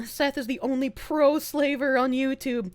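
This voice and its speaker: A woman streamer ranting fast and heatedly during a live stream, swearing often and breaking into laughter. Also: high-pitched, fairly even intonation, clean tone, dry recording.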